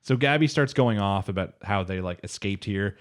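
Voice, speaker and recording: A man's voice: fairly low pitch, moderate pace. A man co-hosting a podcast, casually recapping an anime episode in a loose, rambling way and swearing now and then. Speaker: podcast co-host.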